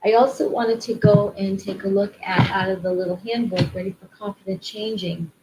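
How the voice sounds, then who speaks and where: A woman talking casually to her viewers about spiritual growth in a gentle, rambling way, repeating affirmations aloud to practise them. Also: mid-range voice, fairly even intonation, moderate pace, noisy background. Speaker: spiritual vlogger and card reader. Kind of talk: casual spiritual talk to camera.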